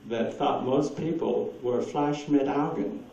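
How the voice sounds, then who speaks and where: A man with a medium-pitched, warm voice and vocal fry speaks slowly at a lecture, telling rambling stories and fielding audience questions while laughing often. The recording is dull and lo-fi with hiss, from a distant, echoey room.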